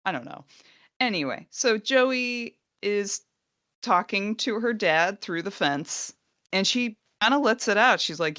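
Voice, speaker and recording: A woman's voice: mid-range voice, lively intonation, unhurried, pushed and bright, clean tone, no room sound. A woman co-hosting a podcast, casually recapping an episode, laughing often and acting out quoted lines. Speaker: podcast co-host.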